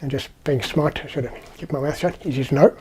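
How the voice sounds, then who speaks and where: A man's voice: medium pitch, brisk, darkish tone, slight background noise. A middle-aged man from South Africa with a South African accent, chatting casually through personal anecdotes in a vlog. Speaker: vlogger. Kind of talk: casual storytelling.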